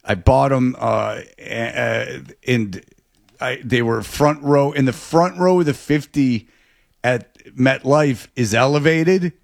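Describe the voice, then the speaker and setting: A man in casual chat, telling a rambling, animated story with many restarts. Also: medium pitch, takes it slowly, vocal fry, no room sound, studio quality.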